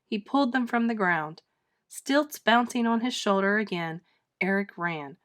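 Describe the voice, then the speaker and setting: A woman reading a children's storybook aloud with dramatic, expressive narration. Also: mid-range voice, measured pace. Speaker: storybook reader. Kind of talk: children's book read-aloud.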